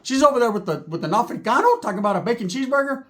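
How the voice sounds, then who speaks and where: A man's voice: very high voice, animated, rapid-fire, fairly bright tone. A man telling a comic story from his own life in profane, streetwise talk, checking in with "right?" again and again.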